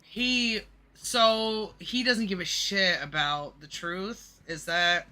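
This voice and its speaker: A man's voice: sits high, slow, sharp tone, smooth, faint music behind. A man livestreaming a reaction, ranting angrily and mockingly with heavy swearing. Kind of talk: profane reaction rant.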